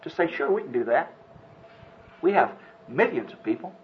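Earnest preacher with a lively voice. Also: male voice, on the high side, normal speed, slight background noise. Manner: dramatic storytelling, earnest. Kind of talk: sermon. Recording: dull lo-fi recording.

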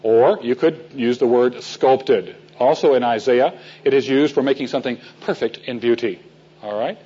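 A man's voice: mid-range voice, moderate pace, dark tone, husky, highs cut off. A man teaching a men's Bible class in a folksy storytelling way, asking his listeners questions.

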